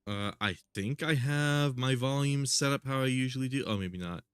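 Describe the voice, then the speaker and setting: A man's voice: mid-range voice, normal speed, clean tone, no echo, studio quality. A congested young man streaming a game, talking casually and rambling with lots of fillers. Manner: rambling, filler-heavy, with frequent laughs. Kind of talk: casual live-stream gameplay commentary.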